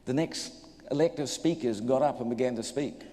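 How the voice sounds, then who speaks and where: New male preacher, comic testimony storyteller, mid pitch, echoey hall sound. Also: normal speed. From New Zealand. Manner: animated storyteller, acts out voices, jokes with audience. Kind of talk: humorous sermon testimony.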